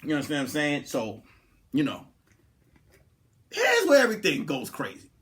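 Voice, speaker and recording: Guy comic telling a wild story on his podcast, highish voice, super lively, goes quiet then gets loud. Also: normal speed. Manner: animated, swings from hushed asides to loud laughing outbursts. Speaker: comedian podcast host.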